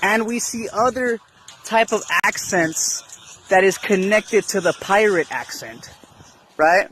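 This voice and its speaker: High-voiced man, slow casual explainer. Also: fairly bright tone, slight background noise. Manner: keeps asking "right?" while explaining. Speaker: video commentator.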